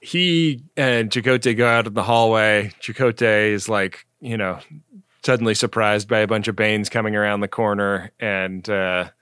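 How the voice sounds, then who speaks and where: A man's voice: fairly low pitch, steady tone, normal speed, a bit bright, smooth. A man co-hosting a podcast, casually retelling a TV episode in a loose, rambling way with lots of fillers. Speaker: podcast co-host. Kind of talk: casual episode recap chat.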